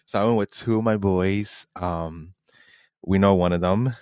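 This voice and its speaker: A podcast co-host from New York City tells a story in casual chat with a low, clean voice that's a little slow and a little mellow, with no echo. He stays laid-back, laughs often, and quotes his friends.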